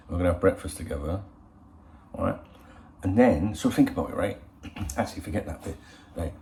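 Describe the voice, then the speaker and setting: A man's voice: low voice, expressive, normal speed, long pauses, dark tone, slight background noise. A middle-aged man hosting a football channel, chatting casually in a rambling, cheeky way full of swearing. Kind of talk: casual chat. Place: in Spain.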